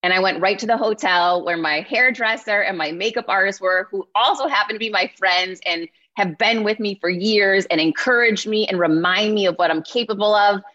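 A woman in her forties giving an energetic motivational keynote, often checking in with her listeners. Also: medium pitch, normal speed, hardly any pauses. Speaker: keynote speaker. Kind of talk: motivational speech. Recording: slightly muffled lo-fi sound.

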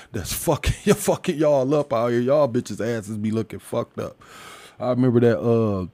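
A man's voice: medium pitch, moderate pace, dry recording. Man, crude and laughing, ranting casually, dry close mic. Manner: crude, loud, laughs often. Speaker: commentator. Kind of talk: casual profane rant.

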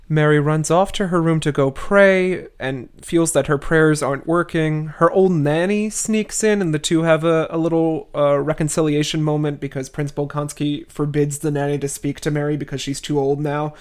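A man's voice: a little high, steady tone, moderate pace, hardly any pauses, darkish tone, clear, resonant tone. A man hosting a podcast, casually retelling a classic novel with wry, chatty asides. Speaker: podcast host. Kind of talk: casual book recap.

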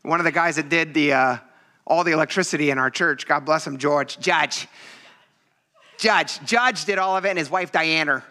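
Bright, high-voiced man preaching a sermon. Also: fast talker. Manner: animated storytelling, acting out quoted voices. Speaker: pastor. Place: church.

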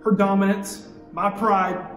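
A man's voice: high voice, flat delivery, unhurried. A young man from Idaho preaching a youth sermon in repeated rhythmic cadences, with casual storytelling asides. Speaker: youth pastor. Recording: echoey hall with long reverb, soft music.

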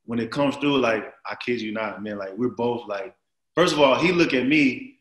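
A man in his thirties tells a story in relaxed, slang-heavy conversation. He speaks at an ordinary middle pitch and fills his talk with loose fillers. The recording has a roomy echo. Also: normal speed. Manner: animated, slangy, lots of "like" and "man". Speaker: guest. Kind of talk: casual storytelling.

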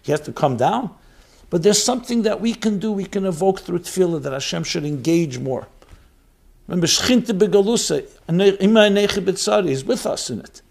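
Man, rabbi, Torah talk, gravelly voice, slightly high, emphatic, rhetorical questions. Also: animated, brisk, darkish tone.

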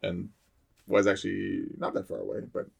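A man's voice: low voice, animated, moderate pace, creaky, slightly rough. A man, a firefighter, telling a fire call story in casual chat, rambling with many fillers and restarts.

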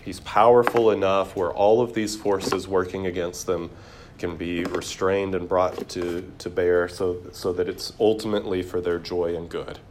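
A man's voice: low-pitched, level tone, moderate pace, background noise. A man leading a Bible class in a room, putting questions to the group and reading scripture aloud. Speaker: Bible study teacher. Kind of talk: interactive Bible class teaching.

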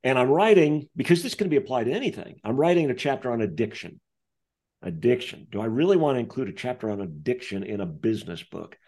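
A man telling a personal story as an interview guest, acting out the voices of the people in it. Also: fast talker. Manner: acts out quoted voices, lively pitch. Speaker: author and guest. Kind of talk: animated storytelling.

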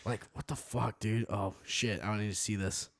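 Male podcast co-host, animated and profane, low-ish voice, dry close mic. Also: moderate pace, creaky, no echo. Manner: excitable, swears a lot. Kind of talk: casual chat.

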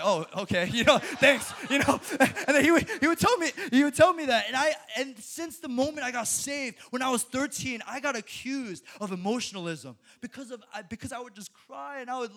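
Young male preacher, high voice, animated, laughs often and stumbles into restarts. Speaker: speaker at a college ministry. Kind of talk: sermon.

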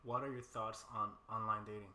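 Relaxed podcast host, echoey room. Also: medium pitch, brisk, a little hiss or hum. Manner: relaxed, brief, agreeable interjections. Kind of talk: casual interview chat. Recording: echoey room with faint ambience.

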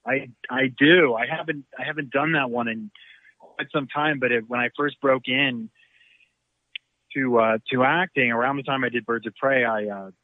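A man's voice: mid-range voice, steady tone, moderate pace, no echo. Middle-aged man on a tinny phone line. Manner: rambling, anecdotal, self-deprecating. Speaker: actor guest. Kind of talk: casual interview chat.

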